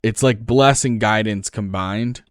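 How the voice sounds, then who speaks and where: A man with a New Jersey accent, co-hosting a podcast and explaining game rules in casual, excited chat, swearing freely. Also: on the low side, a little slow, clear, resonant tone, no echo, studio quality. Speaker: podcast co-host.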